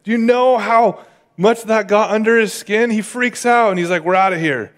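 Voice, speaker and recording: High-voiced pastor preaching animatedly. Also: male voice, normal speed. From Northern California or Oregon. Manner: animated, acts out voices of people he describes. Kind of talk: sermon.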